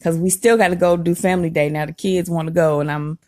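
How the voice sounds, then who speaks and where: A woman telling a personal story in a casual vlog, animated and emphatic, laughing as she goes. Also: on the low side, fast talker, no room sound, studio quality.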